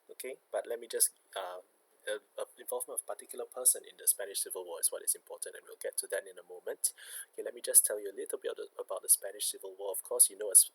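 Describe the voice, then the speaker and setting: Low husky male history teacher. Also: low-quality recording. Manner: explanatory, frequent "okay" check-ins. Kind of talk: recorded history lesson.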